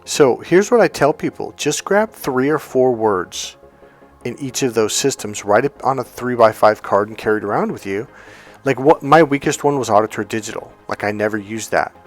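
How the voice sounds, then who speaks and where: Animated man coaching. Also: medium pitch, moderate pace, faint music behind. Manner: animated storyteller, acts out quoted voices. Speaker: relationship and communication coach. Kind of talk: motivational teaching talk.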